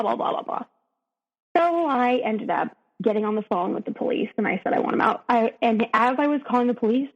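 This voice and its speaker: A woman, a podcast guest, retelling a painful personal story with emotion, often halting and restarting. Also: a little high, in a large hall, highs cut off.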